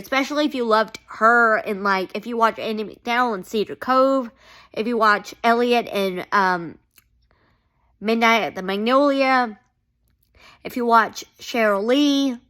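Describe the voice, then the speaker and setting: A woman's voice: fairly high pitch, moderate pace, pushed and bright. A woman recapping a TV episode in a casual vlog, rambling and gushing, full of "like" and quoted reactions. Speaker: TV show reviewer.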